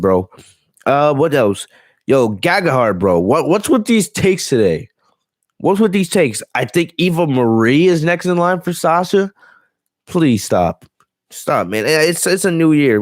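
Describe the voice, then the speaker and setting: A man's voice: medium pitch, no room sound. Man, wrestling stream host, casual, blunt, profane, ranting, dry sound, mid-range voice. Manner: blunt, profane, ranting, reads chat aloud. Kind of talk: casual live-stream commentary.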